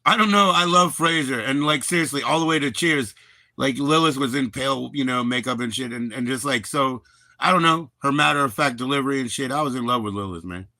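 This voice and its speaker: A man's voice: medium pitch, a little fast, bright, forceful tone, no room sound. A man hosting a livestream, chatting casually in a rambling, profane, laid-back way. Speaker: livestream host.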